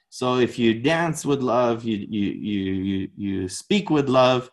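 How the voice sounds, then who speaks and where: A man's voice: medium pitch, slow, hardly any pauses. A man from the United States, a podcast guest telling stories casually, filling with "you know" and acting out quotes. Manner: animated, acts out quotes, many "you know" fillers. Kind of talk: casual storytelling.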